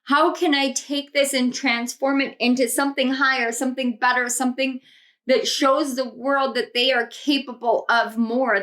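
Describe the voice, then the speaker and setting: Slow, earnest high-voiced woman. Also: a bit bright. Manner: earnest, reflective, repeats phrases. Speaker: tarot reader. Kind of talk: intuitive tarot reading to camera.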